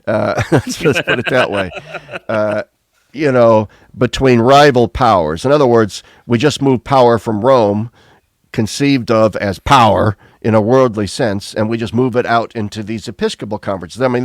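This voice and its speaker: A man's voice: medium pitch, no room sound, studio quality. A man, a priest co-hosting a podcast, talking frankly and animatedly in casual chat with many restarts.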